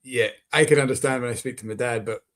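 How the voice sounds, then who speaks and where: An easygoing man hosting a chat over a video call. He talks in a relaxed, encouraging way at a plain middle pitch. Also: fast. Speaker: host.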